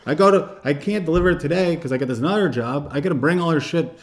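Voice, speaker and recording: A man's voice: on the high side, fast talker. Young guy ranting on a podcast, swears constantly, all over the place. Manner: rambling, swears a lot, stressed storytelling. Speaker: podcast guest. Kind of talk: casual profane podcast chat.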